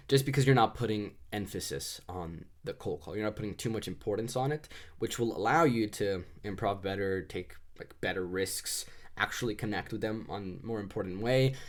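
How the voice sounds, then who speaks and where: A man with a somewhat low voice explains sales calls in a loose, chatty way. He talks through ideas with frequent fillers and restarts. He sounds a little congested. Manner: loose and conversational, many fillers. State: slightly congested. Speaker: sales trainer. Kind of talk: casual instructional talk.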